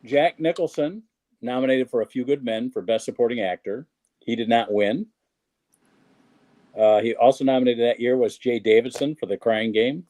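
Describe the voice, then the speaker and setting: A man's voice: mid-range voice, normal speed, mellow. A man in a casual chat among comedians, reading off film facts with some hesitation. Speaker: comedian guest.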